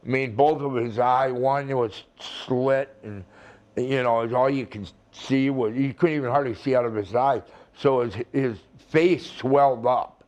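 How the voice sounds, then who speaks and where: A man's voice: mid-range voice, steady tone, unhurried, darkish tone. An older man, a retired wrestler, telling a rambling, profane story in a casual interview. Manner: rambling, profane, acts out the people in his stories.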